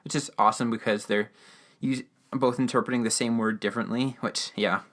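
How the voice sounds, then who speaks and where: A man's voice: medium pitch, steady tone, a little fast, a bit bright. A man hosting a podcast, giving a casual, rambling recap of a radio drama episode with lots of fillers and restarts. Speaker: podcast host.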